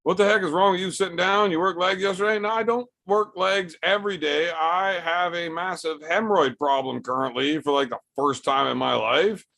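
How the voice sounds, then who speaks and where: A man's voice: sits high, moderate pace, gravelly, few pauses, bright, forceful tone. A young man, casually reading and answering live chat with blunt, profane jokes. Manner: profane, blunt, joking banter.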